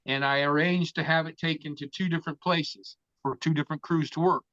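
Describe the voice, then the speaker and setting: An older man from Florida tells a long story as an interview guest, cursing freely and acting out the other people in it. His voice sits a little high for a man. The recording is dry and close but dull and lo-fi. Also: brisk, dry recording. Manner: profane, animated storyteller who acts out other people's lines. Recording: dull, lo-fi sound.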